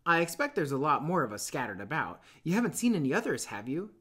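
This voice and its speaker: A man's voice: on the high side, very animated, quick pace, pushed and bright, slightly rough, exaggerated voice. A man voicing a fat, asthmatic schoolboy with glasses, earnest and chatty, using plain working-class grammar, in a classroom read-aloud.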